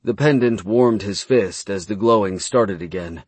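A man narrating a fantasy novel as an audiobook, reading in a measured, dramatic way. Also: lowish voice, darkish tone, breathy edge, dry recording.

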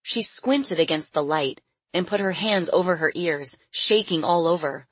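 A woman narrating an audiobook in a steady, measured way. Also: deep voice, no room sound.

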